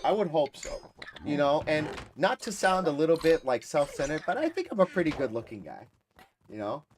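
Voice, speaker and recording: Man, gaming stream host, chatty and rambling, slightly high voice, faint background noise. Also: big pitch swings, normal speed. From Massachusetts, USA. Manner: switches freely into Spanish. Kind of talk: casual chat with live chat viewers.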